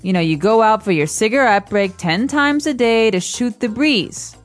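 A woman's voice: on the high side, normal speed, soft background music. A woman co-hosting an English lesson podcast, explaining phrases in a friendly, casual way with everyday examples. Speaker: co-host and English teacher.

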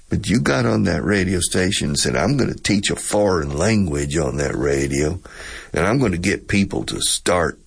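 A man's voice: low voice, gravelly, breathy edge, heavily acted. A man doing a folksy Texan drawl. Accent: Texas.

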